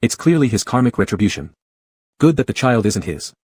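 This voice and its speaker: A man's voice: medium pitch, very animated, brisk, darkish tone, no echo, clean studio sound. A man voicing a worried, protective young man in a comic story, speaking earnestly and reassuringly.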